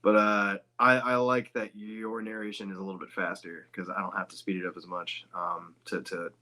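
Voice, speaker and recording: A man, a guest voice actor, talking in a loose, rambling podcast chat with casual swearing and quick asides. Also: low-pitched, little pitch movement, sharp tone.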